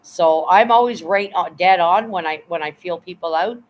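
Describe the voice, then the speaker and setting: A woman's voice: on the low side, normal speed, poor audio. A woman hosting her live stream in casual chat, blunt and profane, rambling as she reads and answers her chat. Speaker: livestream host.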